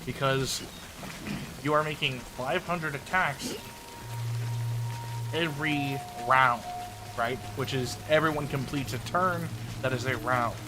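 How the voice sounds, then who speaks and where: A man streaming live, explaining tabletop game rules in a blunt, casual way, swearing and clearing his throat often. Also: medium pitch, slow, pauses often, over music.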